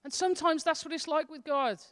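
A woman's voice: high-pitched, brisk, fairly bright tone. A woman associate pastor preaching a sermon in a casual, earnest, conversational way, with her intensity rising and falling as she speaks. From Wales. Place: church hall. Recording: long church hall reverb.

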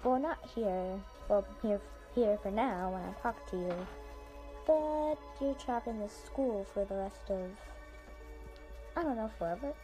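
A woman's voice: medium pitch, unhurried, warm tone, soft background music, natural voice, low-quality recording. A woman voicing a small, mischievous male teddy bear headmaster who teases in an offhand way. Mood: teasing.

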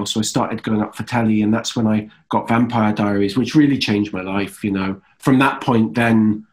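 A man's voice: fairly low pitch, normal speed, few pauses. A man in his thirties with an English accent, a guest actor chatting easily in an interview, telling stories with loose fillers. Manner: relaxed, easygoing storytelling with fillers. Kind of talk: casual interview chat.

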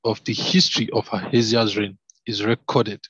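A man reading scripture aloud, with fervent asides and halting fillers between passages. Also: fairly low pitch, steady tone, fairly bright tone, husky, no echo. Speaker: Bible reader. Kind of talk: devotional Bible reading with commentary. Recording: dull lo-fi, dry.

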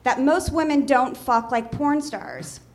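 Woman reading smug tv doctor guy lines, high voice, not really doing an impression. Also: unhurried. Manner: barely changes her voice, reads his lines plainly. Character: smug middle-aged male TV talk-show doctor. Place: small theater stage.

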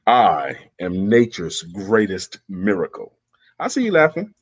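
A man hosting a casual morning chat, upbeat and quick to laugh, who also reads aloud slowly and with emphasis. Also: lowish voice, sing-song, husky. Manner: upbeat, laughs often, slow emphatic reading. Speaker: host.

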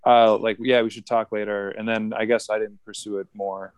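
A man's voice: on the low side, little pitch movement, fairly quick, clean tone, no echo. A man co-hosting a podcast in casual chat, joking around and slipping into mock ad reads. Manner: joking, mock ad-read delivery. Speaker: podcast co-host.

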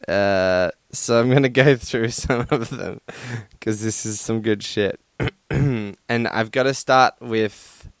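Young male podcast host, crude and profane, talks slowly with a smooth, clear voice; dry, close sound. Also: medium pitch, no echo. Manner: crude, profane and laughing, with lots of fillers. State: sunburnt and hot. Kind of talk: casual solo podcast rant. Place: his room at home.

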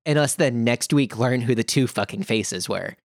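A man's voice: mid-range voice, normal speed, no echo, studio quality. A man co-hosting a podcast, chatting animatedly about a reality show, swearing casually and acting out quotes. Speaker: podcast co-host.

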